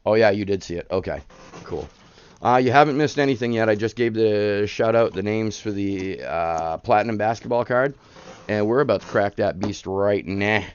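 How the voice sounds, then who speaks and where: A man's voice: on the low side, normal speed, lo-fi sound, a little hiss or hum. A man in his thirties hosting a live card-breaking stream, chatting casually and hyping up the pulls. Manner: chatty, rambling, hypes up the pulls.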